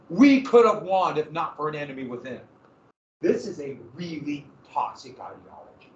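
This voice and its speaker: Animated American man lecturing in an echoey room. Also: a little high, a little hiss or hum. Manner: animated, asks questions and answers them. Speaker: history teacher. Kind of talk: classroom lecture. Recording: echoey room, distant mic, muffled.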